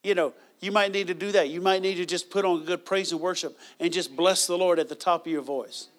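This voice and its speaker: High-voiced man preaching a sermon. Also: fairly even intonation, fairly quick. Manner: conversational preaching with bursts of loud praise. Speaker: pastor.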